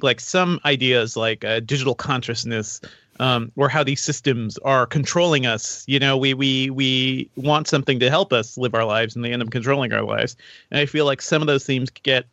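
Bright-voiced man on a dull mic. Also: mid-range voice, no echo. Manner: thoughtful, many fillers and restarts. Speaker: podcast co-host. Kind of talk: casual film discussion.

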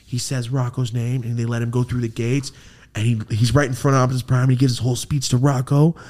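A man's voice: medium pitch, level tone, fast talker, darkish tone. A man hosting a podcast, telling a story with lots of swearing and acted-out quotes. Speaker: podcast host. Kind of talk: casual storytelling chat.

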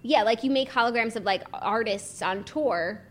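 A woman's voice: fairly high pitch, normal speed. A woman co-hosting a podcast in casual, playful chat, full of fillers. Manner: chatty, playful, many fillers. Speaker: podcast co-host.

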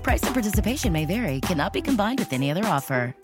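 A woman announcer reading a fast-food ad offer and quick disclaimers. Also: mid-range voice, very animated, lightly acted. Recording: ad audio with music.

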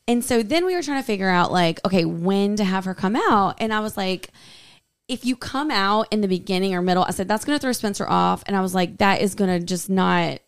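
A woman co-hosting a podcast, telling a story in an animated way with frequent laughs. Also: medium pitch, a little fast, clear, resonant tone, dry recording, studio quality. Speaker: podcast co-host. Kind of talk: casual chat.

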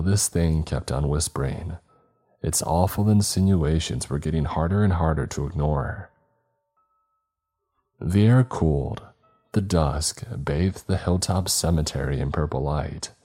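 Horror narrator, male, extremely low and dark voice, measured delivery. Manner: measured, dramatic storytelling.

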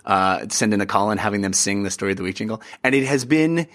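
Excitable male podcast host. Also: on the low side, fast. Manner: upbeat, excitable, chatty with fillers. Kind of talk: casual chat.

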